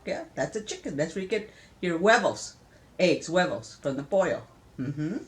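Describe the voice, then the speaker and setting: A woman's voice: fairly low pitch, lively intonation, normal speed. An older woman from Southern California, a grandmother chatting playfully to a grandchild in a casual spoken lesson, often laughing.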